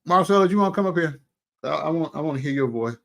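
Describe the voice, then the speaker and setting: A man hosting a casual livestream, talking in a somewhat high voice. He is animated and exclamatory, with folksy asides. Drawn-out hums and murmurs fill the gaps between his remarks. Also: gravelly. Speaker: livestream host.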